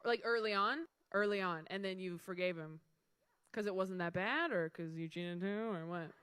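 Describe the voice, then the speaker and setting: A woman's voice: fairly low pitch, normal speed. Wry woman doing stand-up in a noisy club. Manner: wry, deadpan punchlines. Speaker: stand-up comedian. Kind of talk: stand-up comedy set. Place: comedy club stage with audience. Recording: noisy live club recording.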